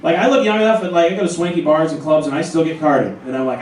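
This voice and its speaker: A man in his forties performing a stand-up comedy set in a club, telling stories with animated acted-out voices. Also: a little high, fast talker, a little hiss or hum. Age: 40s. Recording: roomy club sound from a far camera. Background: audience laughter.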